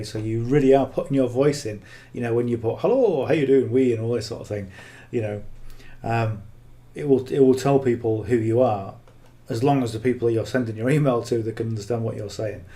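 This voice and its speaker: A man talks through marketing advice off the cuff, blunt and earnest. His voice is mellow and rather dark, at an ordinary pitch. He keeps tagging his points with "okay?". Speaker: affiliate marketing coach. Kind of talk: casual unscripted coaching talk.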